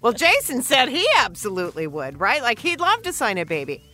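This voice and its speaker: A woman co-hosting a morning radio show, bubbly and quick to laugh. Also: a little high, huge pitch swings, sharp tone, soft background music. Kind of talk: playful morning radio banter.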